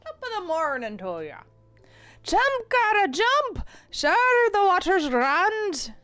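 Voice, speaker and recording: A woman's voice: high-pitched, wildly swooping pitch, takes it slowly, dry recording, faint music behind, full character voice. McMurphy, a woman doing a cheeky Irish cat. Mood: excited. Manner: shaky put-on Irish brogue, teasing. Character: cheeky male Irish cat, playful daredevil.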